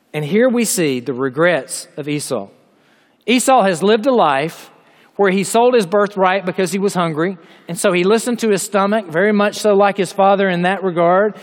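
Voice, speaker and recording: A man preaching a sermon in a large hall, reading scripture aloud and explaining it with emphatic, drawn-out delivery. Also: high-pitched. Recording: long hall reverb.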